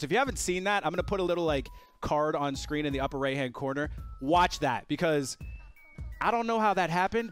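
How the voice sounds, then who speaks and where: A man commentating his own gameplay as a gaming YouTuber, excitable and full of joking trash talk. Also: fairly high pitch.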